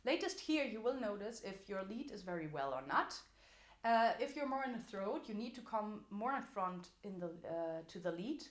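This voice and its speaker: A woman's voice: mid-range voice, expressive, moderate pace. A woman teaching a singing lesson as a vocal coach, explaining technique in an encouraging way. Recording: echoey room.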